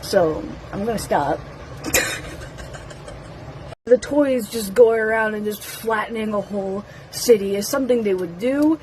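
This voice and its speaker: A young woman with a fairly high voice rambles through her first impressions, excitable and full of fillers and little giggles. She talks casually, straight to camera, as a fan vlogger. A faint hiss of noise sits under her voice. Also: moderate pace, rough recording.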